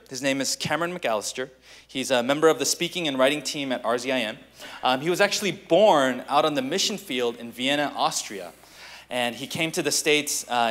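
A man, a youth pastor, welcoming a conference audience and introducing the first speaker in a relaxed, friendly way with frequent fillers. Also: medium pitch. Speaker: youth pastor and event host. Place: large church hall.

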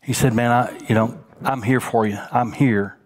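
A man preaches a sermon at a medium pitch. He sinks to a hushed near-whisper on tender points and lifts his voice as he tells a story. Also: steady tone, normal speed. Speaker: senior pastor.

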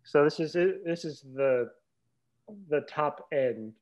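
A man's voice: on the high side, takes it slowly. A man who is a guest on a podcast, telling dry, self-deprecating anecdotes in a casual chat. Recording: dull lo-fi mic.

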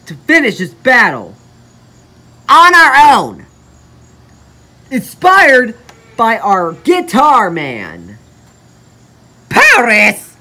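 A woman who makes plush toy videos performs a homemade plush adventure, voicing every character herself and jumping between high and low character voices. Her tone is bright and forceful.

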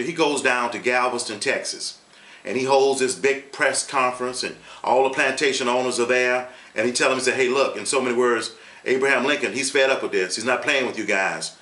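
A man's voice: medium pitch, bright, forceful tone, roomy sound. A man hosting his own online channel, telling a history story in a casual, emphatic way and repeating points for effect. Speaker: YouTube host.

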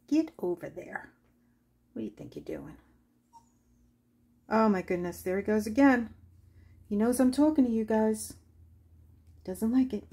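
A woman's voice: mid-range voice, dark tone, slightly rough. A woman hosting a watercolor craft tutorial, chatting casually and laughing as she tells stories while she paints. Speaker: craft channel host.

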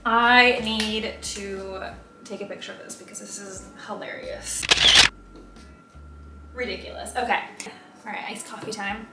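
A young American lifestyle vlogger talks slowly with long pauses in a medium-pitched, fairly even voice, against heavy background noise. She's filmed on a tripod camera in a roomy home room in Texas, chatting in a rambling way and poking fun at herself.

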